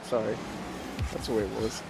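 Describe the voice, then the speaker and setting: A man commentating a live esports match, quick to exclaim over big plays and replays, on a headset mic. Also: lowish voice, fairly even intonation, gravelly, music in the background.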